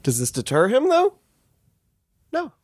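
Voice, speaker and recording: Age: adult. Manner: crude, animated comic storyteller. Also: male voice, very high voice, measured pace, dry recording. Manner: loose, crude, swearing, animated.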